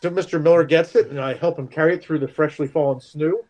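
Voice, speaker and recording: Man, slightly high voice, rambling, self-deprecating, chuckling, casual storytelling. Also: fairly even intonation, fast talker, darkish tone. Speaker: show regular. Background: faint music.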